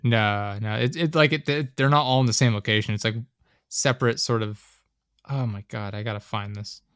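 A young man in casual chat, rambling and animated, often acting out scenes as he talks. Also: medium pitch, normal speed, clean tone, no room sound, clean studio sound.

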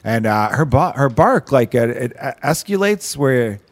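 A man's voice: mid-range voice, very animated, unhurried. A man in his thirties hosting a podcast, chatting loosely with heavy swearing and rambling stories. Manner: loose, profane, rambling storytelling. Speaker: podcast host. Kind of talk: casual podcast chat.

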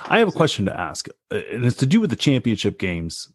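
A man's voice: mid-range voice, wildly swooping pitch, fast talker, husky, dry recording, clean studio sound. A man co-hosting a sports podcast in casual chat, eager and emphatic, running through his notes.

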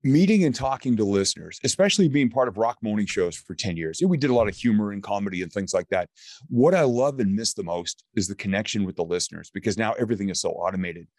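A man's voice: lowish voice, quick pace, no room sound, studio quality. A middle-aged man, a guest speaker and former radio producer, telling stories in casual conversation and acting out the voices of people he quotes. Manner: animated storyteller who acts out quoted voices. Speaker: guest, keynote speaker and author.

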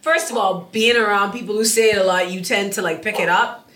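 A woman's voice: medium pitch, fairly even intonation, fairly quick. A young woman with a Bahamian accent, co-hosting a podcast in casual chat, filling her talk with "like". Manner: chatty, lots of "like", drifts quieter at ends of phrases. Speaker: podcast co-host. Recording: echoey room with faint noise.

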